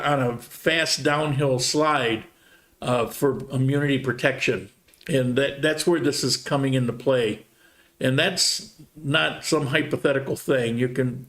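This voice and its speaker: A man hosting a casual livestream Q&A, reading viewer comments and answering in a relaxed, rambling way. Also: medium pitch. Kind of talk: casual live Q&A chat.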